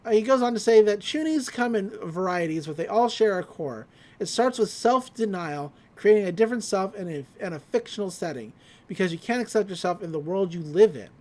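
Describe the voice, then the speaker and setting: A podcast host giving a casual episode recap, laughing often and swearing freely. The delivery is loose and chatty, in a medium-pitched voice. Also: expressive, a little fast, darkish tone.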